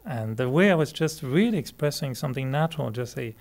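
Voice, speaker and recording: A man with a French Canadian accent, a native French speaker, teaching meditation in a relaxed, chatty way, laughing often and restarting sentences. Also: mid-range voice, a little fast, few pauses. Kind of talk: relaxed spoken talk to a group.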